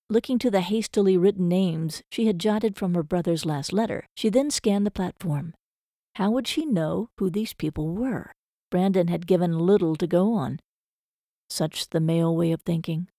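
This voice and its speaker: A woman reads a story as an audiobook in a measured, even manner. Her voice is low and mellow, and the recording is dry and close. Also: no room sound. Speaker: narrator. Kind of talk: audiobook narration.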